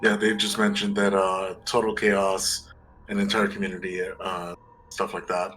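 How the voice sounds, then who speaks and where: A man playing a tabletop game, describing his character's actions deliberately with many hesitations. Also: low-pitched, monotone, pushed and bright, soft background music, rough recording. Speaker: player.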